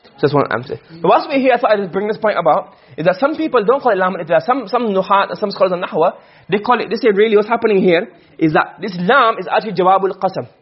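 A man teaching a class, lecturing quickly and often checking with his students. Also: high-pitched, animated, breathy edge, dull audio. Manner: quick, questioning students often, mixing Arabic terms. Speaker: teacher of Arabic rhetoric.

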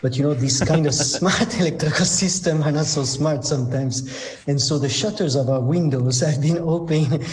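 A man with a husky voice, tired from a sleepless night, chatting as a wine expert guest on a radio show, laughing often and pausing on fillers. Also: a little high, darkish tone, slight background noise. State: tired from being up all night. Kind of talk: casual radio chat.

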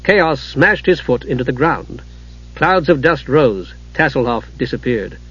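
A man reading a fantasy novel aloud in measured, dramatic audiobook narration. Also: mid-range voice, animated, a bit bright, slightly rough. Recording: dull lo-fi recording.

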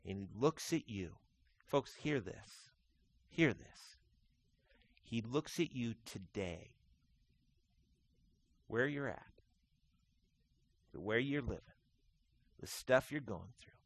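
A man preaching a sermon as pastor, swinging between quiet intimate lines and loud, emphatic, repeated declarations. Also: mid-range voice, lively intonation. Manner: slow deliberate delivery with repeated phrases.

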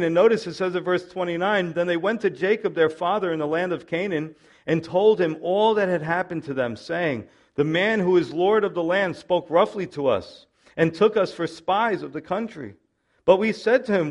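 A male pastor teaching verse by verse through a Bible passage, with an animated manner and playful asides that act out the characters' lines. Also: high voice.

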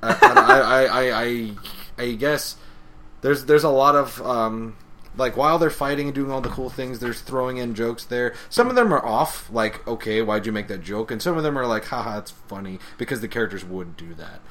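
Joking, lively male podcast co-host. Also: mid-range voice, slight background noise. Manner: joking, halting. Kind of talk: casual chat.

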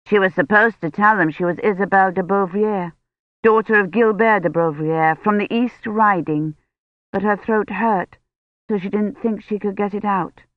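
An audiobook narrator reading a novel in a slow, measured way. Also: mid-range voice, dry recording. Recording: dry tinny phone-like audio.

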